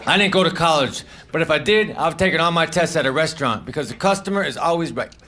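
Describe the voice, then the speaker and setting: Deadpan man, high voice, noisy live recording. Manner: deadpan, halting delivery with self-deprecating asides. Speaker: stand-up comedian. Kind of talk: live stand-up one-liners. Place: comedy stage.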